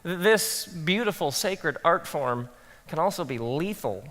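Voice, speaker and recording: A man speaking as a pastor to a live audience, telling animated stories and acting out his own thoughts in soft asides. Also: fairly high pitch, takes it slowly, long reverb tail. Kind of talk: talk to pastors, animated storytelling.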